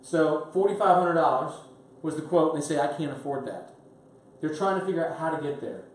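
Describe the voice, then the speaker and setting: A middle-aged man coaching business owners at a training seminar, blunt and energetic, pressing his points hard. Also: fairly high pitch, quick pace. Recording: echoey room from far off, faint noise.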